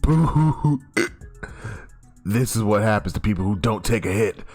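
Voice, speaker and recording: A man giving a casual, animated comic recap, swearing freely and often restarting his sentences. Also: lowish voice, fast, husky. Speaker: YouTube host. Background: faint background music.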